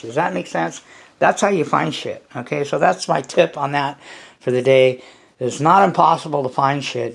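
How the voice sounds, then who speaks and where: A man's voice: on the high side, vocal fry. A man chatting casually to his viewers as a hobby vlogger, loose and profane, sometimes talking about himself in the third person. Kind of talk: casual rambling chat to viewers.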